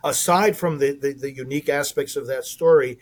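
A man hosting a conversational interview show, speaking haltingly and often restarting his phrases. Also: mid-range voice. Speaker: radio show host.

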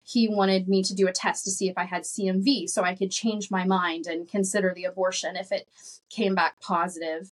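A woman's voice: mid-range voice, flat delivery, fairly quick. Earnest woman telling her story. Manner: earnest and emotional, rising with feeling; laughs between phrases. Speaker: podcast guest. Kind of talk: personal storytelling.

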